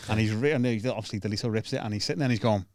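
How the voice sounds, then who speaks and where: A man's voice: fairly low pitch, very fast, no echo, studio quality. A man hosting a podcast, telling comedy stories in a casual chat and acting out other people's lines. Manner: animated storyteller, acts out other people's lines. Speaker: podcast host.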